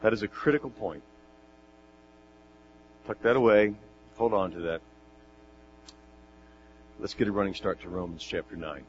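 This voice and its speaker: A man preaching a sermon, reading scripture with animated, jokey asides and rhetorical questions. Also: sits low, moderate pace, long pauses. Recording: dull lo-fi sound with mains hum.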